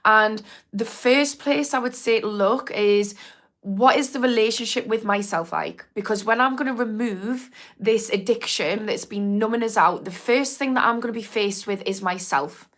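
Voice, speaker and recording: A young Geordie woman from England, an addiction therapist, talks frankly on a livestream, swearing and laughing as she reads out chat comments. Her voice sits on the high side, a bit bright, at a moderate pace.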